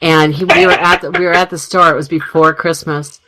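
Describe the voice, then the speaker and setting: A woman's voice: low voice, level tone, a little fast, heavy background noise. A middle-aged woman co-hosting a radio talk show, telling family stories in a chatty way and laughing often. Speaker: radio co-host. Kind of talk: casual radio chat.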